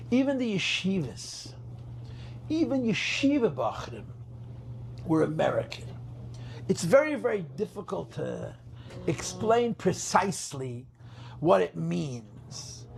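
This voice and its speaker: Man, rabbi, very gravelly voice, emphatic storytelling, faint background hiss. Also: a little high, darkish tone. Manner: emphatic, repeats phrases, mixes in Yiddish terms. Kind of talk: farbrengen storytelling talk.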